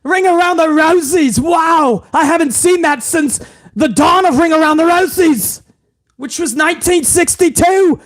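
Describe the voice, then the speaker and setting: A man imitating an overexcited male wrestling commentator who shouts and repeats his calls. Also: very high-pitched, unhurried, pitched above the performer's own voice.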